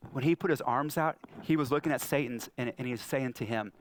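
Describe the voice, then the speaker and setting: A man in his thirties preaching a sermon, telling stories and acting out the lines he quotes. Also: moderate pace. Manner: storytelling, acts out quotes with big pitch jumps. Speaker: pastor. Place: church hall.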